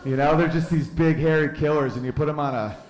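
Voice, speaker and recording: A man's voice: on the high side, fast, echoey room, noisy background. A man in his thirties doing a live stand-up comedy set, rambling loosely and breaking into goofy voices. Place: live comedy venue with audience.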